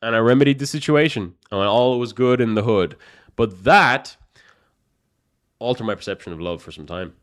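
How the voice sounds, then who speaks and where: Young Irish guy, streamer, loose and sweary storyteller, mid pitch. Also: normal speed. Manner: profane, animated, swings between loud and mumbled. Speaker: chess streamer. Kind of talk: casual storytelling to a live chat.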